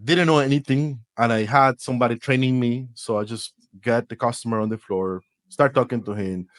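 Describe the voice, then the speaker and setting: A podcast guest in his forties from Costa Rica tells lively, laugh-filled stories in English, with a Costa Rican Spanish accent. He talks a little fast at medium pitch and restarts often. There's no room sound in this storytelling interview.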